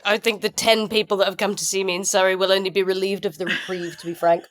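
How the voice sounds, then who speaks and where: A woman's voice: medium pitch, flat delivery, quick pace. A woman guest musician in a casual comic chat, talking animatedly and with self-deprecating humour, often laughing.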